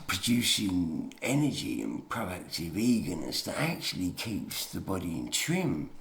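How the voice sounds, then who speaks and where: A man's voice: deep voice, vocal fry, bright, forceful tone, roomy sound. A man giving a rambling, emphatic monologue full of swearing and chatty asides. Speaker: video lecturer.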